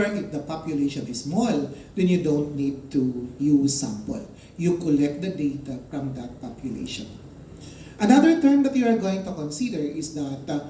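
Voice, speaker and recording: A man delivers a statistics lecture in a fairly high, mellow voice. He explains patiently, with many fillers and sudden emphatic rises. The recording sounds echoey, with faint room noise behind him.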